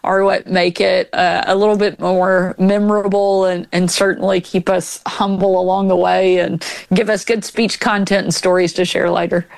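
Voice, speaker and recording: A woman's voice: mid-range voice, little pitch movement, normal speed, gravelly, no echo. A woman in her forties, a governor as an interview guest, telling family anecdotes casually. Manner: warm anecdotal storyteller, laughs often.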